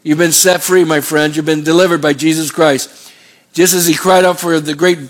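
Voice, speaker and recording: A man preaching a sermon in an energetic way. He asks the congregation call-and-response questions and builds to fervent exhortations. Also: fairly high pitch, normal speed. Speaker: pastor.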